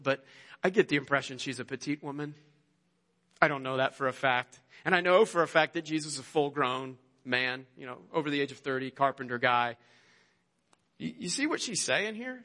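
A man preaching a sermon, retelling a Bible story with animated storytelling and acted-out quotes. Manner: animated storytelling, acts out quotes with rising pitch. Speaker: pastor.

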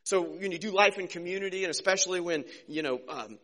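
A man preaching a casual, conversational sermon as a pastor, joking and slipping into quick character voices. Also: high voice, fairly bright tone.

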